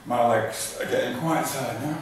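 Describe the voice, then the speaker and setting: A man's voice: mid-range voice, moderate pace, slight background noise. A man, a fitness trainer, giving an informal live talk to an audience, repeating himself and restarting sentences, getting out of breath while he exercises. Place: large echoey hall in front of an audience. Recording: echoey hall recording from far off.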